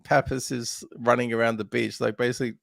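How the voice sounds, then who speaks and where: A man's voice: medium pitch, flat delivery, a little fast, creaky, a bit bright, no echo, clean studio sound. A man hosting a podcast, chatting casually about a film with lots of laughs and fillers. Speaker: podcast host.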